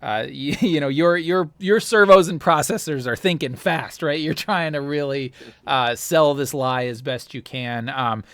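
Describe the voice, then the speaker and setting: A man's voice: on the high side, measured pace, few pauses, a bit bright, no room sound. A man narrating a tabletop role-playing game as game master, rambling with many fillers.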